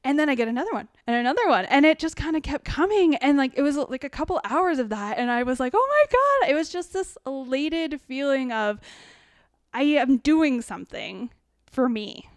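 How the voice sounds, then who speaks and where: A middle-aged woman telling her story as a podcast guest, animated and expressive, sometimes emotional. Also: high-pitched, moderate pace, dry recording, studio quality. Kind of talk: casual storytelling.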